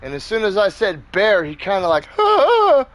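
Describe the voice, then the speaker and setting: A man's voice: high voice, fairly quick, fairly bright tone. A man hosting a gaming channel, telling a story in a rambling, profane, casual way. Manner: rambling and profane, with many fillers.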